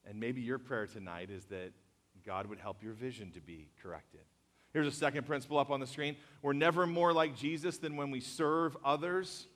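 Jokey young pastor in a big hall. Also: male voice, mid-range voice, moderate pace. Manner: jokey and animated, laughing at memes, then earnest. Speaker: youth pastor. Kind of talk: casual sermon to students. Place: large hall or church auditorium. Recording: reverberant hall.

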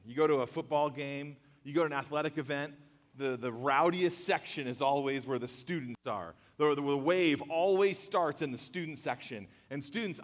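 A young man preaching a casual sermon to students, joking and laughing before turning earnest. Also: a little high. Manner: jokey and animated, laughing at memes, then earnest. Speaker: youth pastor. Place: large hall or church auditorium. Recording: reverberant hall.

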